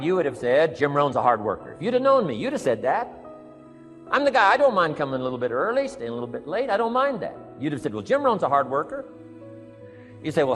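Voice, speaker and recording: A man speaking to an audience, telling a story in a measured way and quoting a mentor's sayings. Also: sits high, a bit bright, in a large hall. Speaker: motivational speaker. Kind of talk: speech to an audience.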